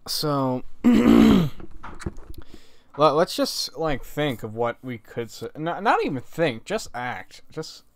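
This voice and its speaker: A man's voice: fairly high pitch, very animated, slow pace, vocal fry, no echo. A young man chatting casually on a livestream, rambling and swearing with frequent laughter. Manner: rambling, profane, laughing often. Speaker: streamer.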